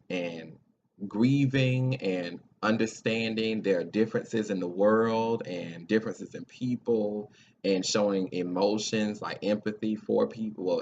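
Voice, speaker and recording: A man hosting a talk show, speaking in an earnest, encouraging, almost preacherly way with casual grammar. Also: on the low side. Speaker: podcast host. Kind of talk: heartfelt talk show monologue. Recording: dull lo-fi sound with faint noise.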